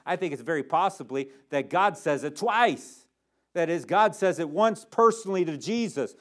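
A male pastor preaching a sermon, dropping low on asides and rising sharply when he voices quotes and drives home his points. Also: moderate pace.

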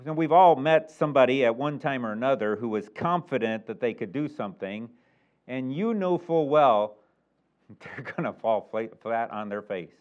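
A middle-aged man preaching a sermon as a pastor, animated and emphatic, chuckling now and then. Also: medium pitch, moderate pace. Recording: muffled lo-fi recording.

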